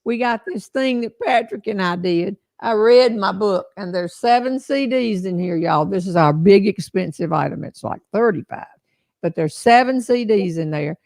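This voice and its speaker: A woman's voice: medium pitch, normal speed, creaky, a little mellow, no room sound. Older lady hosting a live chat, folksy and jokey, dry close sound. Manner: folksy, joking storyteller. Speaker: host. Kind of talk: casual live-stream chat.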